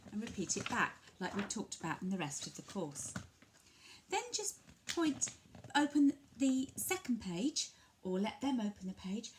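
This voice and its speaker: An English woman from a family centre explains to parents how to share a picture book, talking gently and patiently and switching to a bright sing-song voice when modelling words. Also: medium pitch, very animated, normal speed, a little hiss or hum. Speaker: family centre early language worker. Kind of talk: instructional talk to parents, demonstrating a picture book.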